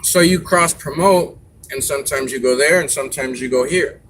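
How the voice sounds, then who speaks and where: This livestreaming man, medium in pitch with a fairly bright tone, offers viewers advice in a loose, rambling way, dropping fillers into his pauses. Faint noise lingers beneath the low-quality audio.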